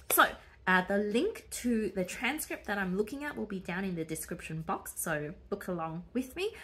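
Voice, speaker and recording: A woman's voice: medium pitch, a bit bright. A woman tutor explaining a speech in a casual video lesson, full of fillers like "sort of" and "you know". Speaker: English tutor.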